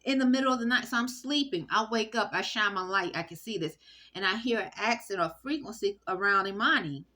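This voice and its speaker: Bright-voiced woman rambling in monologue. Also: mid-range voice, lively intonation. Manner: halting, many fillers and restarts. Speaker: vlogger. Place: indoor room. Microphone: phone recording.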